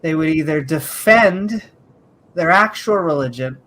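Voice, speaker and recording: High-voiced man, jokey and animated. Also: a little slow, slight background noise. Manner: animated, jokey, full of uh fillers. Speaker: panelist on a skeptic discussion show. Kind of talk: casual debate chat.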